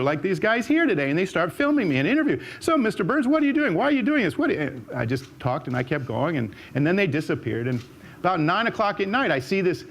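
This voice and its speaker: An older man speaks into a stage mic with a voice that sits somewhat high for a man. He meanders through personal stories, stumbling over and repeating words as he goes. When he voices other people, his pitch jumps up sharply. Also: a bit bright. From United States. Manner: chatty storyteller with frequent restarts and repeated words. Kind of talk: storytelling talk on stage. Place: auditorium stage.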